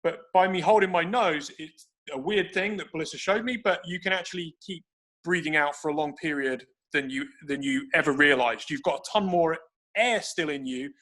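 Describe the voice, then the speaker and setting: A man's voice: on the high side, normal speed, sharp tone. A man explaining breathing techniques for grappling over a video call, thinking aloud with frequent restarts. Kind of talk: explanatory conversation.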